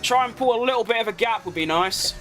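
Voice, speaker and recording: Excitable high-voiced man racing. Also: fast talker, slight background noise. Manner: excitable, exclaims at close moments. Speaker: gaming streamer. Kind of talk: live racing game commentary.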